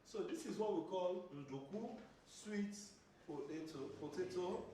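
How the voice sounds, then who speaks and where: High-voiced man drilling a class. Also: moderate pace, warm tone, slight background noise. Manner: repeats words for pupils to echo, quizzing. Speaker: language teacher. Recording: echoey classroom from far off.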